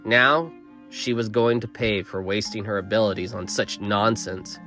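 A man narrating a dark fantasy story in a steady, measured reading. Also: on the low side, faint music behind.

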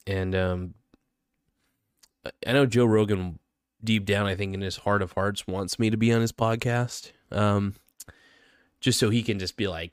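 A man's voice: on the low side, steady tone, a little slow, pauses often, clean tone, no echo, studio quality. Rambling man joking on his podcast. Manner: joking, self-mocking bravado with many fillers. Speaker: podcast host. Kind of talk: rambling comedic monologue.

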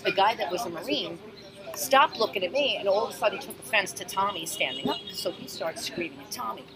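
A woman, a bartender and guest telling lively, blunt, profane stories at an outdoor table. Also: medium pitch, brisk, a crowd in the background. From Astoria, Queens, New York. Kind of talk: animated storytelling in casual conversation. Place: outdoors at a street-side table. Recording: street traffic noise outdoors.

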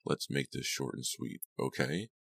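A man voicing a cold, menacing middle-aged gunman who speaks softly and dryly in an audiobook. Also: very deep voice, measured pace, vocal fry, no echo, exaggerated voice. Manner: soft, flat, dryly threatening. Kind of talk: audiobook character reading.

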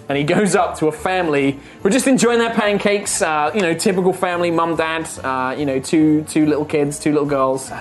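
A man's voice: fairly high pitch, brisk, hardly any pauses. A man narrating as game master of a tabletop game, chatty and rambling, laughing at his own scenes. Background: faint music.

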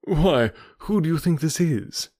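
A man's voice: fairly high pitch, animated, unhurried, dark tone, no echo, clean studio sound, pitched above the performer's own voice. A man voicing an adult male naturalist in an audiobook, talking in an easy, unconcerned way. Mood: guarded. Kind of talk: audiobook character voice.

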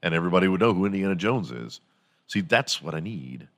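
Bright-voiced man ranting crudely. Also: deep voice, sing-song, fast talker. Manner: crude, swears freely, mocking; jumps into silly impressions. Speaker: podcast host. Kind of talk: comedic solo rant.

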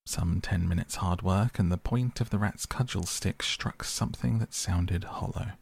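A man reading a bedtime audiobook softly and unhurriedly. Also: low-pitched, normal speed, vocal fry, slightly rough. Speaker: podcast audiobook reader.

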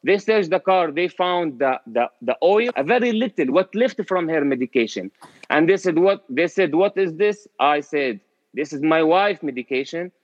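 A man's voice: a little high, lively intonation, moderate pace, no room sound. A man speaking English with a non-native accent, telling his own story in a hesitant way, full of fillers. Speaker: interviewee. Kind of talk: personal storytelling. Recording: dry, dull lo-fi recording.

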